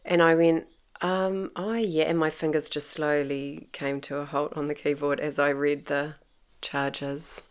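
Low-voiced woman telling a lively story. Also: measured pace, clear, resonant tone. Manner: lively, laughs often, acts out quoted voices. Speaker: interviewee. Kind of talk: personal storytelling.

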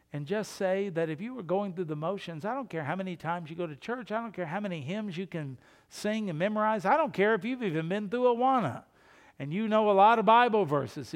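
A man preaching a sermon as pastor, earnest and urging, with sudden loud emphasis. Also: sits high, in a large hall.

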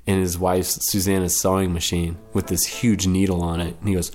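A man's voice: low-pitched, level tone, fairly quick, hardly any pauses, darkish tone, soft background music. A man in his late twenties casually telling a personal story in a laid-back, rambling way, correcting himself as he goes. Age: 20s. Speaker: storyteller guest.

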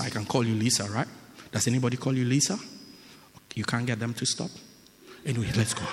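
A male pastor preaching a lively sermon in a church, acting out people's excuses and breaking into shouts. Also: mid-range voice. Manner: animated, mimics excuses, bursts into shouts. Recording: echoey church hall.

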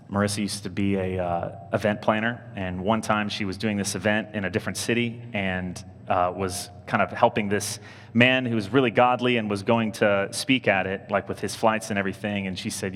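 Priest preaching in a reverberant church. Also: male voice, a little fast. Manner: animated storytelling, jumping high when quoting others. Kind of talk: sermon.

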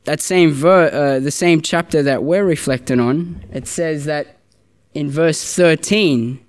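A man's voice: a little high, measured pace, clear, resonant tone. A man preaching a sermon in a church, earnest and conversational, often restarting his sentences. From Australia.

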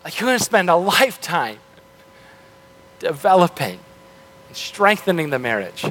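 Male pastor, relaxed conversational sermon, self-correcting, fairly high voice, long church reverb. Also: normal speed.

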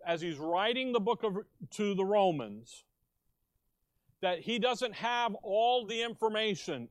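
A middle-aged male pastor preaching a sermon, slow and emphatic, asking the congregation questions and telling jokes. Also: sits high, no echo. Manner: tells jokes with quoted voices.

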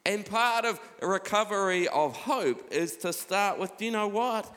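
A male pastor preaches a relaxed, conversational sermon. His voice sits slightly high and reads scripture between stories. The sound trails off into a long church-hall reverb. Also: unhurried.

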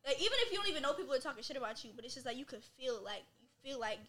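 A woman's voice: sits high, lively intonation, racing, bright, forceful tone. A young adult woman talking as a podcast guest in casual chat, loose and profane, leaning heavily on filler words.

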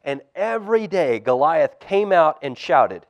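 A man, a pastor, reading a storybook aloud to children at a church service, animated and dropping to a hush for suspense. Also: fairly high pitch, measured pace, few pauses, no echo.

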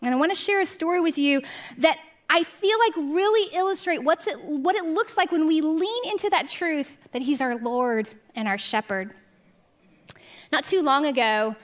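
A woman giving a heartfelt devotional talk, telling a story earnestly and sometimes dropping to hushed tones. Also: sits high. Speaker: Christian speaker.

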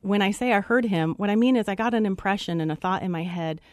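A woman guest telling a personal faith story in an animated way, acting out what was said. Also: fast, no echo, studio quality. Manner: expressive, acts out quotes with big pitch jumps.

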